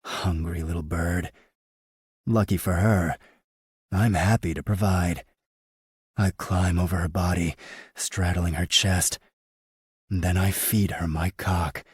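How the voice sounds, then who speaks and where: A man narrating a first-person romance audiobook in an unhurried, intimate, deliberate way. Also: deep voice, steady tone, breathy edge, no echo, clean studio sound.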